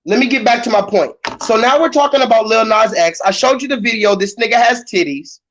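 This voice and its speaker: A man holds forth on a casual livestream, loud and animated, tripping over his own sentences as he rushes on. The stream audio is a little dull and lo-fi. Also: sits high. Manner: loud, animated, talks over himself with restarts. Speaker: livestream host.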